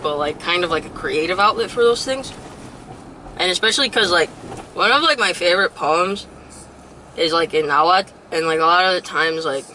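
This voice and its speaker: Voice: medium pitch, sharp tone, slight background noise, rough recording. A young adult rapper speaking candidly as an interview guest, full of "like" fillers. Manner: candid, heavy use of "like" fillers. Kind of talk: casual interview chat.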